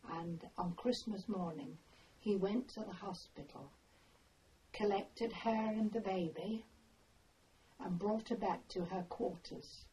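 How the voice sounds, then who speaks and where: An older woman telling her memories in an oral history interview, with an unhurried, meandering way of telling a story. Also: medium pitch, mellow. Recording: distant mic, faint background noise.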